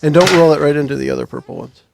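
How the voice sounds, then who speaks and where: Guy game-mastering a tabletop rpg, kinda high voice with gravel in it, dry close mic, reads rules out, loses his place sometimes. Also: very fast, noisy background. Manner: loose and chatty, stops to look things up. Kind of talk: running a tabletop game, reading rules aloud.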